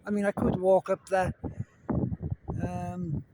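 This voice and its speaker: This vlogger has a high voice with little pitch movement and a slow pace. He rambles casually outdoors in the wind, narrating what he sees into a phone cupped in his hand while wind and a helicopter's rotors roar in the background.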